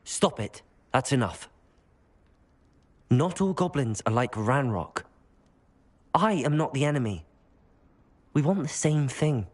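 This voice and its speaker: An actor playing a calm, firm young wizard student in a video game. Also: male voice, medium pitch, slow, pauses often. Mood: stern. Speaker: player character.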